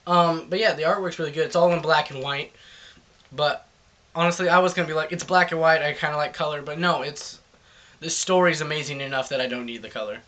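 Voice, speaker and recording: A man's voice: a little high, a little fast, fairly bright tone. A man reviewing a comic book in casual chat, rambling loosely through the plot.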